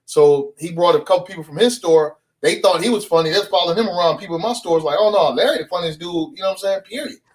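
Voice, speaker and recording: A man with a high, light voice tells a story as a podcast guest. He talks in loose slang and keeps the telling animated. He comes across as a comedian spinning a yarn. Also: fast, hardly any pauses.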